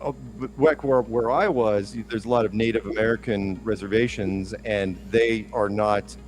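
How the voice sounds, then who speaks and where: A man co-hosting a podcast, telling a long story in a rambling, animated way with lots of restarts. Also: fairly low pitch, moderate pace. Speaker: podcast co-host. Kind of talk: casual storytelling chat.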